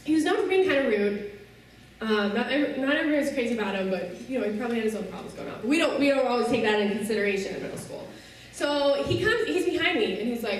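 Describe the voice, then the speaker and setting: A woman's voice: fairly high pitch, expressive, quick pace, slight background noise. A woman giving a personal testimony talk to a youth audience, telling her story earnestly and often checking in with her listeners. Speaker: speaker addressing a youth audience. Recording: echoey hall from a distance.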